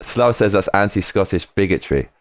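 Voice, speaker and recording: A man's voice: deep voice, lively intonation, moderate pace, dry recording, studio quality. A man on a casual live stream, rambling between topics, swearing freely and reading viewer comments aloud.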